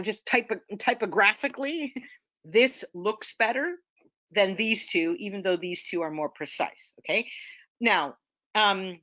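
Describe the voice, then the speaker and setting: A woman's voice: mid-range voice, fairly bright tone, no echo, highs cut off. A woman giving an academic seminar lecture in a conversational way, often checking in with her listeners. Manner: conversational, checks in with "okay?" and "right?".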